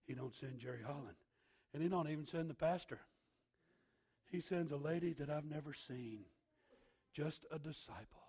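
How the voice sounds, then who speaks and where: A man voicing a troubled woman who speaks in a low, murmured way. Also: normal speed, long pauses, warm tone, husky. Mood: weary. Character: weary young woman, troubled and searching.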